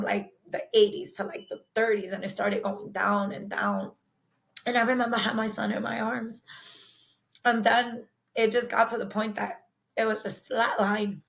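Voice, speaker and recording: Woman, podcast guest; somber, halting storyteller with many fillers; mid-range voice. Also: mid-range voice, gravelly, a bit bright. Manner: somber, emotional retelling. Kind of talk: personal storytelling.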